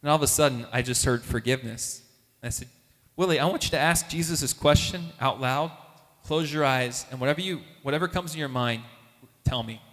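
A man telling a lively faith story as a testimony, acting out the voices of the people in it. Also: brisk. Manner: animated, acts out quoted voices with big pitch jumps. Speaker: speaker at a Catholic gathering. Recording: long hall reverb.

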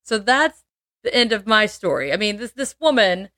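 A woman's voice: medium pitch, animated, normal speed, bright, forceful tone, dry recording, studio quality. A woman hosting a podcast, telling a true-crime story in casual chat, laughing often and adding playful asides.

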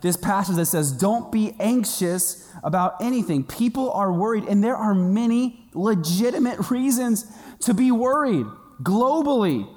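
A pastor with a notably high voice, preaching to his congregation. He tells stories with humor and plays out the people in them. His voice rings with the long reverb of a big hall. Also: expressive, measured pace, darkish tone. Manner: humorous storytelling with quoted voices. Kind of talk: sermon. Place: church auditorium.

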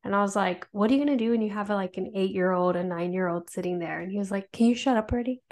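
A young woman and mother in casual chat, telling animated stories about her daughter. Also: medium pitch, quick pace. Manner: chatty, animated storytelling.

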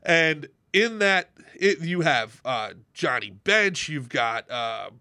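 A man's voice: on the high side, expressive, slow, pushed and bright, smooth, dry recording, studio quality. A man hosting a podcast and chatting casually, rambling with restarts before landing emphatic lines. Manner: rambling, hesitant, with many restarts, then emphatic. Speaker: podcast host.

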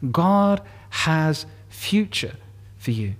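Lively man preaching a sermon. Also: on the high side, very slow. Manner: animated storytelling, acting out characters' lines.

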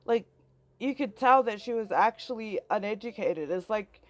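Young adult woman, casual rant; swears freely, rambles, gets louder as she gets worked up. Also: mid-range voice, lively intonation, moderate pace. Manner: heated, profane, rambling, filler-heavy. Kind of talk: angry personal rant to a friend.

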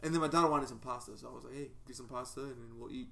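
A man's voice: mid-range voice, rapid-fire, vocal fry, a crowd in the background. A man from Portland telling rambling, slang-filled stories in a casual chat with friends. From Portland, Oregon.

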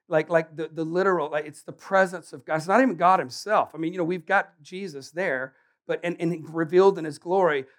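A man preaching a sermon in a casual, animated way, joking and acting out Bible characters. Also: on the high side.

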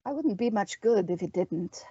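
A woman's voice: medium pitch, sing-song, normal speed, a little mellow, slightly rough, no room sound. A woman voicing a cool, waspish sorceress who speaks in a dry, sardonic way. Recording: dull dry lo-fi sound.

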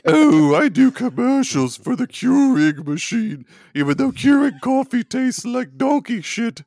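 A man's voice: very high voice, big pitch swings, unhurried, a little mellow, no echo, voice pushed up, heavily acted. A man doing an overblown British host. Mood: mocking. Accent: bad put-on British.

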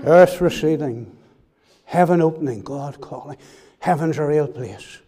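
A man's voice: fairly high pitch, measured pace, warm tone. A man preaching a sermon in an earnest way, repeating key phrases and putting direct questions to his listeners.

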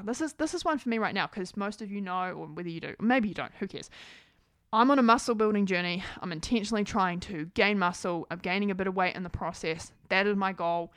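A woman in her thirties speaks straight to the camera in a frank, lively way, dropping "like" all through her sentences. Her voice sits at a middle pitch and is recorded close and dry, with no room sound. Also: no echo. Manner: frank, animated, many "like" fillers. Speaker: parenting vlogger. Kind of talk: casual talk to camera.

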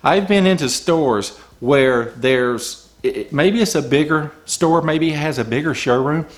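A man's voice: on the high side, measured pace. A man coaching small business owners, talking emphatically and firing off rhetorical questions from the customer's point of view. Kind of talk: business advice talk.

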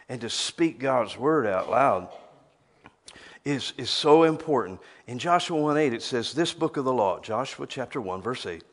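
A man's voice: mid-range voice, fairly bright tone. Male preacher, emphatic sermon delivery, mid-range voice. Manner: emphatic, repeats words when starting phrases.

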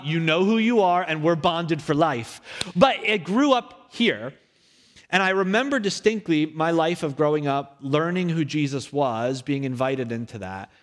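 A young male pastor giving a sermon in his church, telling stories from his childhood in a lively storytelling manner. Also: a little high. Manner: storytelling, animated, acts out his younger self in quotes. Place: church sanctuary. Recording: echoey hall.

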